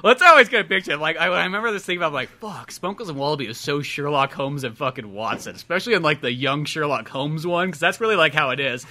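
Casting: a chatty male podcast co-host, rambling and full of fillers, very bright tone. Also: on the high side, expressive, fast, hardly any pauses. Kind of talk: casual chat.

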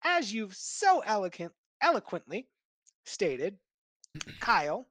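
A woman co-hosting a sports podcast, talking with animated indignation. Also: medium pitch, slow, dry recording. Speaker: podcast co-host. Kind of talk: casual sports chat.

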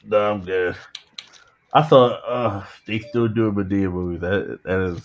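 A man's voice: lowish voice, measured pace, highs cut off. A man co-hosting a casual podcast chat, teasing and exasperated.

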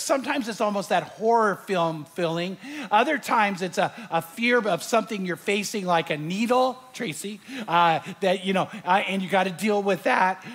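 Animated high-voiced male preacher storytelling. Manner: animated storyteller, acts out his own fright. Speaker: pastor. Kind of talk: sermon with storytelling. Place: large hall before a live audience.

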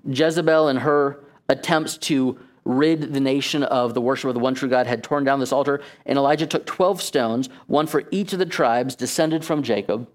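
A man's voice: mid-range voice, steady tone, normal speed, hardly any pauses. A man preaching a sermon in a conversational, joking way, acting out the quotes he reads. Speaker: pastor.

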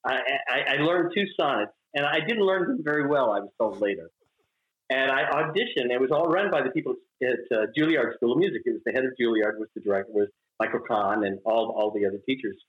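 A man's voice: mid-range voice, fast talker. An older man from Mississippi, a guest telling stories in an interview, laughing often and acting out quotes. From Mississippi, US South. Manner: animated, laughing, acts out quotes. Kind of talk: storytelling interview chat. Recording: roomy, dull recording.

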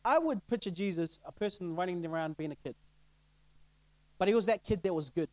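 A man's voice: high-pitched, fairly quick, a little mellow, rough recording. A middle-aged male pastor giving a casual sermon, conversational and laughing often, asking the crowd rhetorical questions. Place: church.

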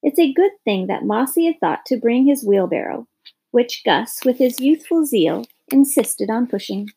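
Female storybook narrator, gentle pacing, husky and gravelly tone. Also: on the high side, expressive, normal speed.

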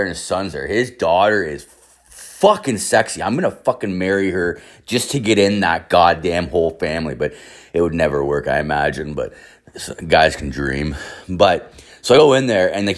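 A young man from Ireland telling a rambling, swear-filled party story in casual chat, acting out quotes with sudden jumps in pitch. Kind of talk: casual anecdote, heavy swearing.

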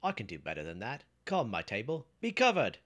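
Man doing eager young lad Jack, loud and bright. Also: mid-range voice, fairly quick, pitched above the performer's own voice, lightly acted. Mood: boastful. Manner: excited exclaiming. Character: young male farmhand Jack, eager and boastful.

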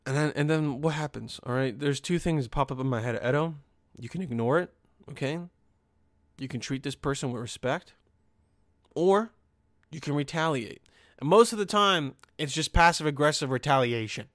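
A man's voice: a little high, normal speed, a bit bright, no echo, studio quality. Rambling, profane young man on a podcast. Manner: frequent restarts and "okay?" asides. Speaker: podcast host. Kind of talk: casual podcast rant.

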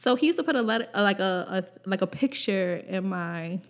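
A woman's voice: mid-range voice, expressive, brisk. A young woman hosting a casual podcast, telling a profane, laughing childhood story and acting out the people in it. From Pennsylvania. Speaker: podcast host.

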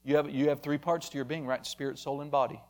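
A man's voice: a little high, fairly even intonation, fast. A man preaching a sermon emphatically, calling out members of the congregation by name. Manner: emphatic, addresses listeners by name.

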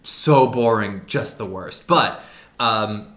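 Sarcastic guy on a movie podcast, bright voice, echoey room. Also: fairly low pitch, slow. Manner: sarcastic, laughs while acting out film scenes. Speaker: podcast co-host. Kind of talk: casual movie review chat.

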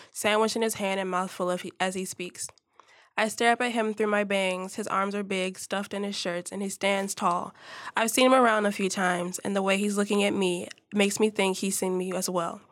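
A woman's voice: mid-range voice, little pitch movement, moderate pace, a bit bright, no echo. Young woman reading her own story, trips over words and fixes them, dry close sound. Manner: reads with frequent slips and self-corrections. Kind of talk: reading her own short story aloud and casual chat.

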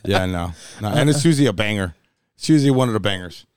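A male DJ co-hosting a casual podcast, talking loosely, swearing often and acting out the people he deals with. His pitch swings widely as he talks. The sound is dry and close, with no room echo. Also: expressive, fast talker, a little mellow, clear, resonant tone. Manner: profane, joking, mimics crowd members. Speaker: DJ and podcast co-host. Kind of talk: casual chat.

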